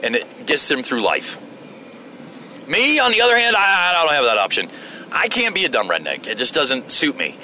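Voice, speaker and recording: Man from Florida, rambling profane driver rant, lively pitch swings, bright tone. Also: normal speed, a little hiss or hum. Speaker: vlogger. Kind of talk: casual rant while driving. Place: inside a moving vehicle.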